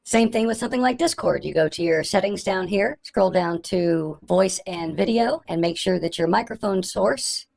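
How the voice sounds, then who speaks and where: A man talking through a voice changer as a woman, giving software setup steps. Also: high voice, moderate pace, gravelly, few pauses, pitched above the performer's own voice. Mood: instructing. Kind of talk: software tutorial.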